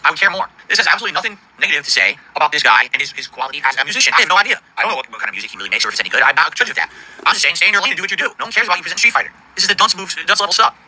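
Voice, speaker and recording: A middle-aged man livestreaming, ranting in an indignant, profane, rapid-fire way about his audience and the games industry. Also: on the high side, animated, pushed and bright, slightly rough, low-quality recording. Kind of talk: angry stream rant.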